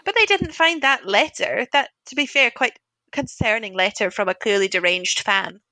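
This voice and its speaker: Lively bright woman chatting about films. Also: fairly high pitch, moderate pace. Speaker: film club member. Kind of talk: casual film discussion.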